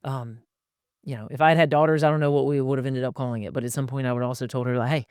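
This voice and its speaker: Middle-aged male podcast co-host; lively storyteller who acts out both sides of family talks, smooth tone, dry studio sound. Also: very fast, dry recording. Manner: animated, acts out dialogue with his sons in a higher voice. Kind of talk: casual podcast conversation.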